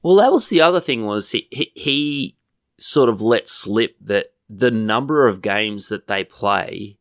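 A man's voice: fairly low pitch, expressive, unhurried, dry recording, studio quality. A man co-hosting a sports podcast, easygoing and rambling, with frequent hesitations. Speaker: podcast co-host. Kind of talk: casual sports chat.

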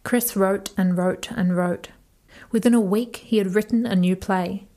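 A woman hosting an interview podcast. She reads measured narration and asks relaxed questions with light laughs. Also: mid-range voice.

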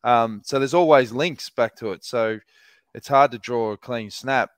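A man's voice: mid-range voice, a little slow, dry recording. A man with an Australian accent, co-hosting a podcast and telling jokey, sweary stories. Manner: joking storyteller, sweary. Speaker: podcast co-host. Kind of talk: casual chat.

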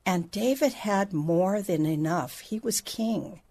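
A woman's voice: medium pitch, slow pace, gravelly, mellow, slightly rough. A middle-aged woman teaching the Bible on a faith podcast, in a conversational way with asides and restarts.

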